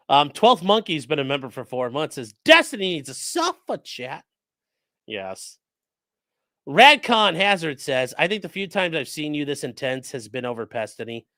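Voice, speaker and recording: Man, live-stream legal commentary, reads chat, blunt and profane, lively swinging pitch, dry close sound. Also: dry recording. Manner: profane and blunt, swearing freely; breaks off to coax his dogs in a sing-song voice.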